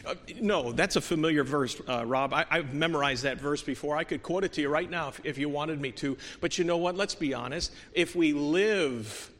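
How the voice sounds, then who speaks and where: A man preaching a sermon in a church, earnest, moving from soft, quiet stretches to emphatic peaks, with many restarts. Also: fairly high pitch, normal speed, hardly any pauses. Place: church sanctuary. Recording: long hall reverb.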